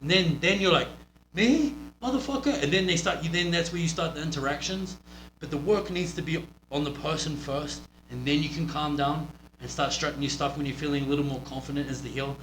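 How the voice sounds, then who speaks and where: A man's voice: fairly high pitch, fairly even intonation, fairly quick, fairly bright tone. A man with a New Zealand accent, coaching a wrestler through a casual match review in a blunt, profane, rambling way. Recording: roomy with faint hum.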